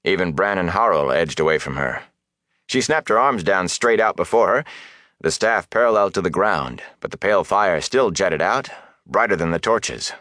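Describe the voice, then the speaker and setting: A man narrating an audiobook in an expressive, dramatic reading. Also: deep voice, moderate pace, no room sound, clean studio sound. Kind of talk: scripted narration.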